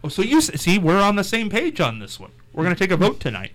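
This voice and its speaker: A man's voice: high-pitched, quick pace. A man hosting a casual radio chat, playful and teasing as he tells stories and quizzes his co-hosts. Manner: playful, teasing, lively storyteller. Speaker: radio host.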